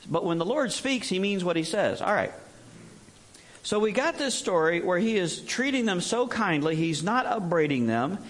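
This is a man in his sixties delivering a sermon to his congregation. He talks in a folksy, humorous way and keeps throwing out rhetorical questions. His voice sits a little high and moves around with lively emphasis. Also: moderate pace. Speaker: missionary preacher.

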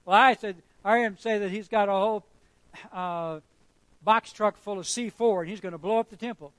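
A man voicing eager, lying false witnesses in a sermon, loud and tattling. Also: high-pitched, fairly quick, no echo, pitched above the performer's own voice.

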